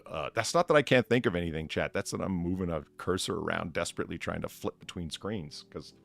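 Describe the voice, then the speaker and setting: A man hosting a casual live stream, chatting with guests and thanking viewers in a rambling, animated way. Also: sits low, quick pace, gravelly. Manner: rambling, animated, many restarts. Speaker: streamer host playing bartender.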